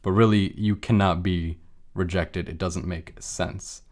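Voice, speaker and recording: A man's voice: low voice, steady tone, unhurried, a little mellow. A man giving a casual explanatory talk on emotions, walking through made-up everyday examples in a conversational way. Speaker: lecturer on emotions.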